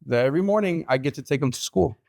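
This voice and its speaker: A man's voice: fairly high pitch, animated, fast, creaky, darkish tone, no room sound, clean studio sound. A man, hosting a podcast and telling stories in casual chat, slipping between English and Spanish. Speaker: podcast host.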